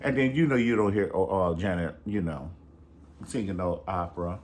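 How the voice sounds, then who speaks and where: Brief: low-voiced man, sassy and profane, swooping between pitches as he dishes gossip. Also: animated, moderate pace, darkish tone. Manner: sassy, gossipy, profane, says "honey" a lot. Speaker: reality TV reviewer. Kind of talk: casual chat.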